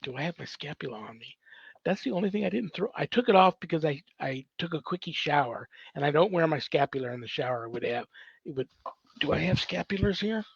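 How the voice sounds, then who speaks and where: A man's voice: a little high, lively intonation, fast talker, gravelly, slightly rough, no echo, dull audio. A man, a priest hosting his own show, answers viewer questions at home in a casual, rambling way full of fillers. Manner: rambling, filler-heavy, thinking aloud. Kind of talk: casual livestream Q&A.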